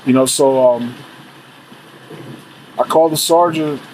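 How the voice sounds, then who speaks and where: A man's voice: medium pitch, unhurried, darkish tone, low-quality recording. Rambling man telling a true story. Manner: loose, rambling, many "you know" fillers, swears freely. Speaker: storyteller, former corrections officer. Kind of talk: casual spoken true story. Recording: faint rain and room noise behind.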